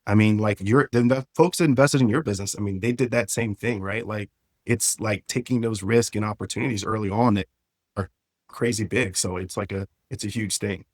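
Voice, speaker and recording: Male guest, low pitch, earnest and eager conversational tone, dry close recording. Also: brisk, no echo. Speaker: podcast guest, entrepreneur. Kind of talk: casual interview chat.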